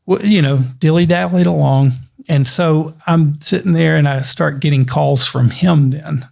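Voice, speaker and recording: A man, an attorney guest on a podcast, telling a story in a lively, conversational way with fillers. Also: fairly high pitch, moderate pace, gravelly. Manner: animated storyteller with laughs and fillers.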